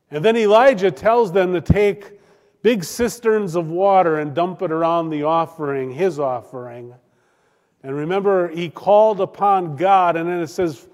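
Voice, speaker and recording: A pastor preaching a sermon, swinging between loud declaiming and hushed, drawn-out emphasis. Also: male voice, fairly high pitch, long reverb tail.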